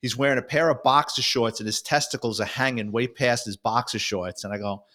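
A man, a former police officer, telling a story in an animated, easygoing way. He acts out quoted lines from the people in it as he goes. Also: medium pitch, fairly quick. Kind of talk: casual storytelling chat.

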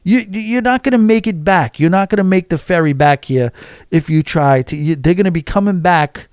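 A man voicing an amused, friendly male taxi driver who teases in an emphatic, lively way. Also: sits high, normal speed, clean tone, dry recording, clean studio sound, pitched above the performer's own voice, lightly acted.

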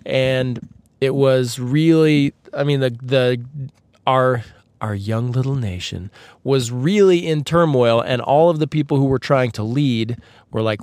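A man hosts his podcast in a casual, rambling monologue full of sarcastic jokes and asides. His voice is mid-pitched and a touch husky from a tickle in his throat. The sound is close and dry, with no room echo. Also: measured pace, darkish tone. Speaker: podcast host. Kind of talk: casual comedic storytelling monologue.

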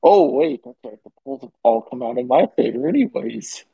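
A man's voice: on the high side, big pitch swings, moderate pace, vocal fry, slightly rough, dry recording, highs cut off. A man co-hosting a casual sports podcast, opinionated and teasing his co-host.

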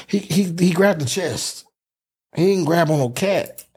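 A young man hosting a casual talk show, telling a story in an animated way and acting out what people said. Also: a little high, a little slow, slightly rough. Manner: animated storyteller, acts out quotes. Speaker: podcast host.

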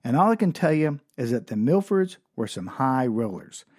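A man's voice: mid-range voice, big pitch swings, moderate pace, darkish tone, slightly rough, no room sound, clean studio sound. A man telling a rambling, exasperated comic story about a family trip.

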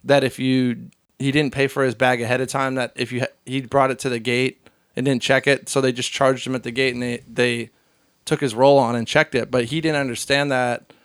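A man in a casual podcast chat, telling a story in an animated way and acting out other people's voices. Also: mid-range voice, a little fast, clear, resonant tone, no echo, clean studio sound. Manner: swears casually, lots of fillers. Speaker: podcast guest.

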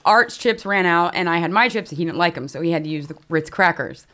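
A woman's voice: fairly low pitch, lively intonation, brisk, a bit bright. Woman, podcast co-host, casual chat, giggly, rambling stories.

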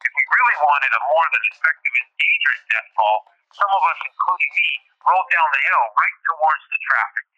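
Bright-voiced man reading his memoir. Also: on the high side, expressive, a little fast, few pauses, highs cut off. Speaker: podcast host. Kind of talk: reading a personal memoir aloud.

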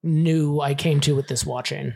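A podcast panelist trading quick jokes in a casual chat. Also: medium pitch, steady tone, vocal fry, a little mellow.

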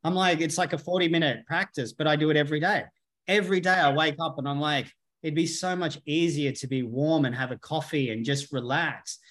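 A man speaking in a somewhat high voice, blunt and emphatic. He swears freely and drives his points home in a loose podcast conversation. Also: fairly even intonation, a little fast, fairly bright tone. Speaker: podcast guest, healer. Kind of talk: casual conversation.

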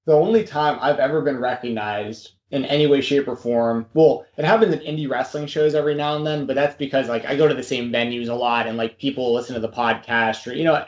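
This casual podcast interview is led by an easygoing American host who keeps calling the guest "dude" and "man." He speaks a little fast with few pauses, his medium-pitched voice fairly even in intonation, and the sound is roomy and dull, lo-fi.

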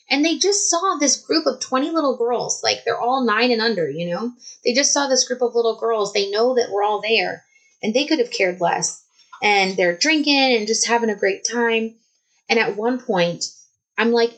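A woman, telling a personal story in a casual, animated vlog style. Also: on the high side, poor audio. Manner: chatty, animated, many "like"s. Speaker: vlogger.

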